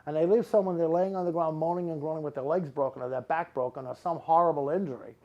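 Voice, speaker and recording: A middle-aged man works a live audience as a psychic medium. His voice sits a little high, and he talks in rambling, emphatic runs, repeating words again and again to drive a point home. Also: fairly even intonation, quick pace, lo-fi sound. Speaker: psychic medium giving readings.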